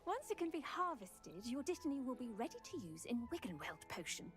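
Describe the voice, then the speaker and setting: A woman voicing a kindly, enthusiastic professor who teaches about plants in a video game, speaking in a gentle, instructive way. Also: sits high, sing-song, brisk, soft background music. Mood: warm instructive.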